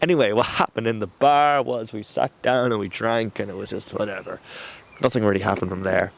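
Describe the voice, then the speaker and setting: A young Irish man telling a story casually, animated and swearing as he acts out what people said. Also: fairly low pitch, brisk, vocal fry, slight background noise. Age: young adult. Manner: animated, swearing, acting out quotes.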